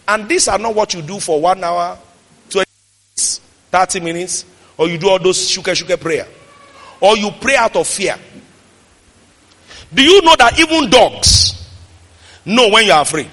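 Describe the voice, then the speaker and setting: A man with a Nigerian accent preaching a fiery sermon as pastor, swinging from quiet talk to shouted declarations. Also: high voice, expressive, normal speed, pauses often, in a large hall.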